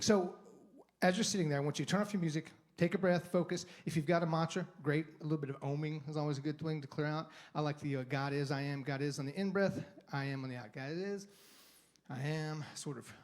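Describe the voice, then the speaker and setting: A man's voice: fairly high pitch, a little mellow. A man giving a guest sermon in a conversational, rambling way, with restarts and acted-out inner monologue. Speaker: guest speaker. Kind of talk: sermon talk. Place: church sanctuary.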